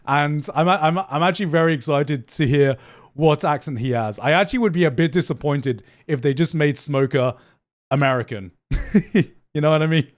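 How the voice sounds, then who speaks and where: A young man chatting casually on a live stream, excitable, swearing freely and often repeating himself as he reacts. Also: on the high side, normal speed. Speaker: streamer reacting to anime news.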